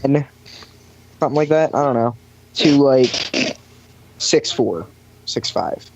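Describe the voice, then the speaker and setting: A man's voice: mid-range voice, lively intonation, slow, noisy background. A young man casually telling a long work story on a podcast, full of fillers and acted-out quotes. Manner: rambling storyteller with many fillers, acts out quoted voices. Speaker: podcast guest recounting lifeguard job. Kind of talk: casual chat. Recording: dry, dull lo-fi sound.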